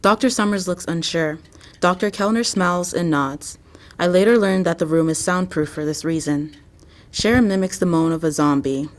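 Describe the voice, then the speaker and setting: A woman narrating quietly and observationally, describing how her subject acts. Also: on the low side, normal speed, a little hiss or hum, close to an everyday voice.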